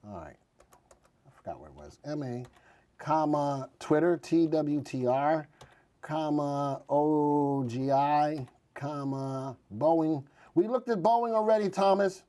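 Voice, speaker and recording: A man's voice: fairly high pitch, lively intonation, slow pace, warm tone. A male host giving live, chatty commentary on stock charts and reading out viewers' ticker requests. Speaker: market news host.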